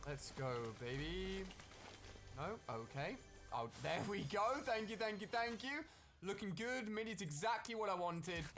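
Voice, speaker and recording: A man's voice: high-pitched, animated, measured pace, fairly bright tone, faint music behind. A man giving upbeat, chatty commentary over his own gameplay video and talking straight to his viewers. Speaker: gaming video creator.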